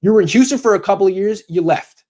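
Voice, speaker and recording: A man's voice: high voice, fast talker, a little mellow. A man who is a sports commentator, bluntly lecturing a coach as if in a meeting, confrontational and direct.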